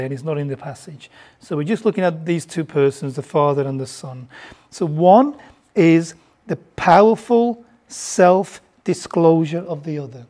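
A preacher from Birmingham, England, with a softened Birmingham accent, delivering a sermon and putting questions to the congregation, often repeating words while thinking. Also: medium pitch. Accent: softened Birmingham English.

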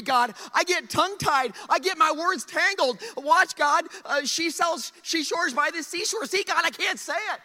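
A man's voice: very high voice, pushed and bright, voice pushed up, heavily acted. A man voicing a whiny, tongue-tied biblical man who begs frantically and trips over his words, in a long-reverb hall.

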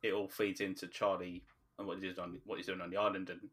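Deep-voiced man. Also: little pitch movement, fast, a bit bright. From from just outside London, England. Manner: hesitant, many ums and restarts. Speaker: podcast co-host. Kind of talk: casual chat about a TV show.

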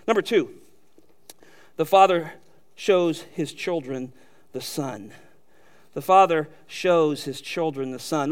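Male pastor, high voice, emphatic sermon delivery with direct rhetorical questions. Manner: emphatic preaching, rising to loud peaks.

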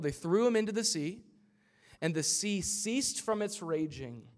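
A man's voice: fairly high pitch, lively intonation, normal speed. Man preaching a casual sermon. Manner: casual retelling of scripture with asides and character voices. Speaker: pastor.

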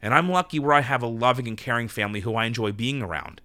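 A man's voice: mid-range voice, fast, bright, forceful tone, dry recording. A man in his thirties hosting a podcast from his apartment, talking alone in an emotional, nervous, rambling way with many restarts. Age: 30s. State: nervous and flustered. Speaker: podcast host. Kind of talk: solo thank-you monologue. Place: his New York apartment.

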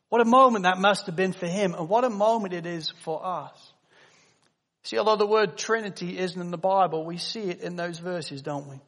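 A middle-aged man preaching a sermon, swinging from loud proclaiming to a hushed, tender near-whisper. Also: sits high, moderate pace, big-room sound.

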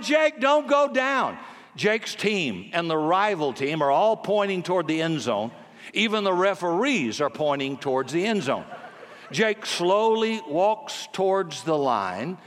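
An older man preaching a sermon, telling a story with a voice that swings from hushed to emphatic. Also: on the high side, big-room sound. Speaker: pastor.

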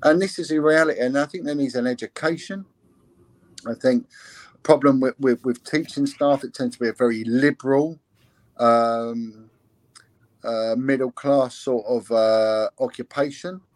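A man's voice: mid-range voice, unhurried, dry recording. A man, a former police investigator, talking earnestly in an interview with many restarts and fillers. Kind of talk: candid interview talk.

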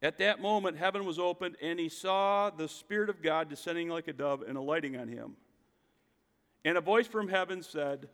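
A man's voice: on the high side, moderate pace, fairly bright tone, long reverb tail. A man preaching a sermon as a pastor, emphatic, asking his listeners rhetorical questions.

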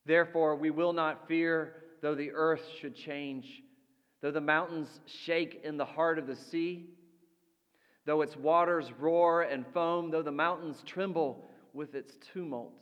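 A man preaching a sermon as pastor, slow and deliberate, letting his voice drop soft for quoted lines. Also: on the high side, clear, resonant tone, muffled recording. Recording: long reverb of a large hall.

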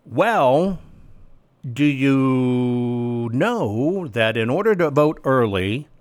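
A man's voice: medium pitch, lively intonation, very slow. A man hosting his own political commentary show, talking emphatically and sarcastically and addressing viewers as folks. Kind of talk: opinionated commentary monologue.

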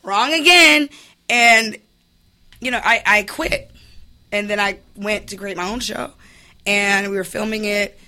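A woman's voice: medium pitch, sharp tone. A woman in her thirties, a guest in a casual interview, telling her story candidly and with emphasis. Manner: candid, emphatic, quick to laugh.

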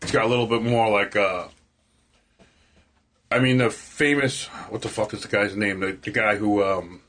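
A man's voice: lowish voice, steady tone, moderate pace, a bit bright. A man with a Queens accent chatting casually in a tattoo shop, rambling with stammers and restarts. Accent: Queens, New York. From Queens, New York. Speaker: podcast host as guest. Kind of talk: casual chat. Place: tattoo shop after hours.

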